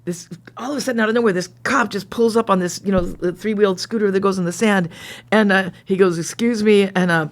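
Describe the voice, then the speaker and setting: A woman's voice: medium pitch, fairly even intonation, quick pace. A middle-aged woman co-hosting a comedy podcast, chatting casually and reading a racy story aloud. She tells stories with giggles and keeps stammering and restarting her sentences.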